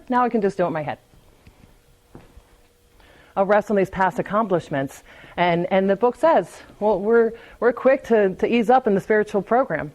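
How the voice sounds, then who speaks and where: A woman's voice: medium pitch, a little mellow, low-quality recording. A woman speaks frankly at a recovery meeting in a loose, conversational way. She restarts her sentences and repeats words as she goes. Light laughs come between her thoughts. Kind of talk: personal recovery talk at a meeting.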